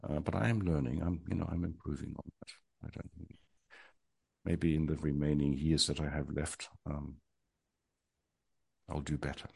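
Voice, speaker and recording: A man's voice: a bass voice, little pitch movement, moderate pace, creaky, pauses often, darkish tone, slightly rough, no echo. A man in his sixties, answering interview questions in a reflective, hesitant way with many ums and wry humor. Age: 60s. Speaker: guest.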